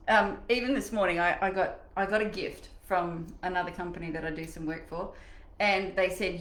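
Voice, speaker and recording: A middle-aged woman leading a live online coaching session in a chatty, animated way, acting out the voices in her head. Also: medium pitch, normal speed, reverberant, low-quality recording. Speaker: mindset coach.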